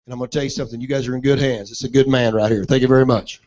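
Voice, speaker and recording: A man's voice: mid-range voice, fairly even intonation, racing, heavy background noise. A man in his forties, a veteran auctioneer, giving an earnest, plain-spoken speech to an audience. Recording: muffled lo-fi recording.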